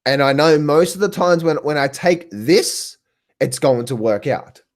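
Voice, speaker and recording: A man with an Australian accent coaching traders on a live stream. He talks excitedly, repeats himself, laughs often and calls viewers by name. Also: fairly high pitch, unhurried. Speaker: trading coach. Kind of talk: live stream talk answering viewers in chat.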